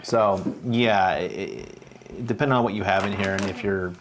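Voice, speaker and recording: A man hosting a casual livestream, talking through printer setup step by step in a relaxed way with fillers. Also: low voice, moderate pace, background noise. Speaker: host. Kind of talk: casual livestream tech talk.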